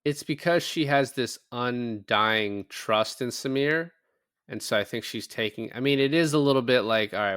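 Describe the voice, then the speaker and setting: A man with a fairly low voice talks through a movie scene by scene in a loose podcast chat. He acts out the characters' lines as he goes and swears casually. The sound is dry and close, with no room around it. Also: clear, resonant tone, no echo. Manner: animated retelling with quoted lines and swearing. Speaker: podcast co-host.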